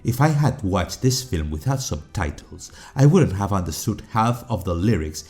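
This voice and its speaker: A man whose first language is Spanish, narrating a video essay with dry, critical, measured delivery. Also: sits low, expressive, a little mellow. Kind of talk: scripted narration.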